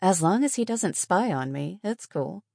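Woman narrator doing a wry young heroine: dry delivery, husky low voice. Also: expressive, moderate pace, warm tone, no room sound.

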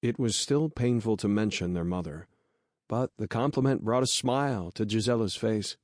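An audiobook narrator with a fairly low voice tells the story in a steady, measured way. It's studio quality, with no room sound.

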